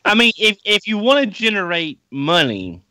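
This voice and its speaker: A man's voice: sits high, very animated, moderate pace, bright, forceful tone, dry recording. A man co-hosting a live-streamed fan podcast, chatting casually and making joking asides. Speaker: podcast co-host.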